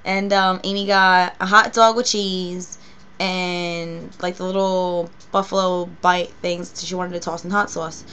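A woman's voice: fairly low pitch, little pitch movement, a little slow, bright, forceful tone, clear, resonant tone. A young woman with a New York accent, telling a story in a casual vlog, rambling and cursing freely. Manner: rambling, profane, laid-back. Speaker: vlogger and cosplay performer.

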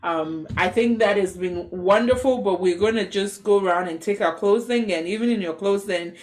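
A woman's voice: medium pitch, normal speed. A woman hosting a live church radio talk show, affirming her guests and reading listener comments aloud. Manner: affirming, warm backchannels and reads comments aloud. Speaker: host.

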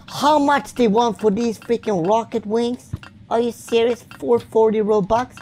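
A woman's voice: a little high, steady tone, unhurried, noisy background. A woman giving playful game commentary, goofy and rambling, making up silly words and breaking into sing-song wordplay. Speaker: gaming video creator.

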